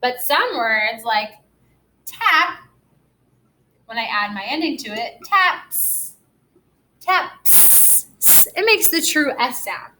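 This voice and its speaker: A young woman teacher giving a recorded reading lesson to first graders, slow and encouraging, stretching words out for small children. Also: fairly high pitch, expressive, bright, forceful tone, slight background noise, poor audio.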